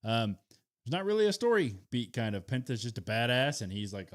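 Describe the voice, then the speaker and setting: A man co-hosting a wrestling podcast, talking through picks in a relaxed, matter-of-fact way. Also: mid-range voice, fairly quick. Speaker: podcast co-host. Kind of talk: casual wrestling chat.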